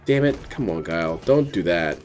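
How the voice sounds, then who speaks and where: A man with a fairly low voice hosts and comments over a replayed stream. He makes mocking, dry jabs at the player. Faint music sits behind him. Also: lively intonation, normal speed, darkish tone. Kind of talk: sarcastic live commentary.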